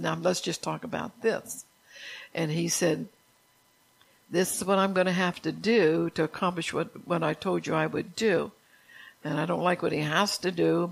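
A woman's voice: sits low, creaky, breathy edge. An older woman leading an informal Bible study, telling personal stories and asking the group questions. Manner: chatty, testimonial, asks the group questions.

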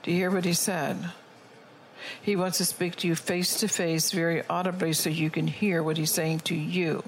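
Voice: medium pitch, little pitch movement, moderate pace, slight background noise, poor audio. A preacher delivering a sermon, reading prophecy and scripture aloud and checking in with the congregation. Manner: reads prophecy and scripture aloud, often checks in with "all right?".

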